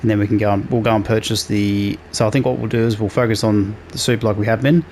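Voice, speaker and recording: A man hosting a casual let's play, relaxed and talking through each task as he plays. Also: lowish voice, fast, a little hiss or hum. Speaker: gaming channel host.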